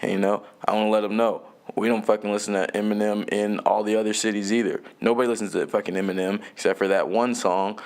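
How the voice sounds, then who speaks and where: A young man from Jamaica talks into a home podcast mic in a loose, rambling solo show. His voice sits a little low, and he swears freely, chuckles between thoughts and abandons sentences halfway through. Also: little pitch movement, quick pace, hardly any pauses, a little mellow. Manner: loose, profane, laughs often, trails off mid-thought. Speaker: podcast host.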